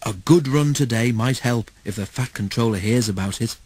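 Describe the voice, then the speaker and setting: A man's voice: mid-range voice, normal speed, a little mellow, husky, no echo, lightly acted. Gordon, a man reading a proud determined engine. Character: big proud male steam engine, anxious, determined.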